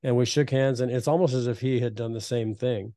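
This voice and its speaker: A man in his fifties hosting a podcast, telling reflective, earnest stories in a relaxed conversational way. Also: mid-range voice, a little fast, no echo. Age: 50s. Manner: reflective, earnest storytelling with frequent restarts. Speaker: podcast host.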